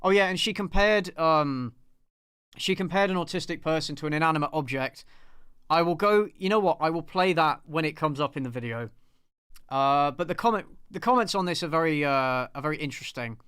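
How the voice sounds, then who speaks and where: A man's voice: a little high, a little fast, a bit bright, clear, resonant tone, no room sound, clean studio sound. A man hosting a casual live commentary on a film review, sarcastic and ranting with plenty of swearing and laughter. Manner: laughs often.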